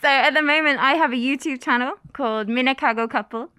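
A woman's voice: high voice, fast, pushed and bright, clear, resonant tone, no room sound, studio quality. A young-sounding woman chatting as a guest, giggly and easygoing. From England. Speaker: guest YouTuber. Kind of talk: casual chat.

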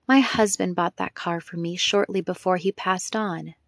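A woman's voice: mid-range voice, measured pace, no echo, natural voice. Woman voicing a sentimental old widow lady, proud and lonely, dry sound. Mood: tender.

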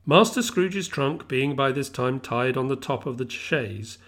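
A middle-aged man reading a classic novel aloud in a measured, expressive storytelling manner. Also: mid-range voice. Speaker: reader.

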